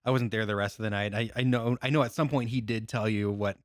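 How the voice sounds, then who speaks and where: A man's voice: on the low side, fairly even intonation, dry recording, studio quality. A man co-hosting a podcast, telling a story in a loose, casual way with lots of fillers and restarts. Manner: laid-back, halting with many fillers and restarts. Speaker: podcast co-host.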